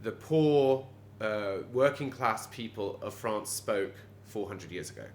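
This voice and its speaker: A man's voice: fairly low pitch, unhurried, slight background noise. Quebecois-Canadian man chatting in a roomy pub. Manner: animated, digressive, many fillers and restarts. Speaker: pub landlord. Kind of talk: conversational interview. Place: bar of an old pub. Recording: roomy pub with background ambience.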